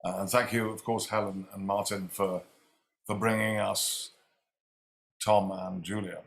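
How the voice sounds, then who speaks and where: A male livestream host introduces poets in a friendly way that wanders a little. His voice sits low and stays flat, with little rise and fall. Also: measured pace, creaky. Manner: friendly, slightly scattered introductions.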